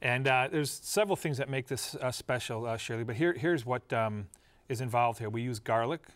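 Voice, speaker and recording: Casual TV co-host, middle-aged man, joking and chatty, even mid pitch. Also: normal speed. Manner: chatty, joking, restarts often. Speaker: cooking segment co-host. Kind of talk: casual studio chat.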